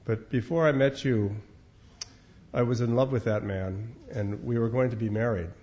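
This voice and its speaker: A man's voice: mid-range voice, fairly even intonation, normal speed, mellow, natural voice. A composed wife speaks in a pointed, deflating way, voiced by a man in his own register. The recording sounds dull and lo-fi. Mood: wistful. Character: wife of an older male scientist, composed but cutting.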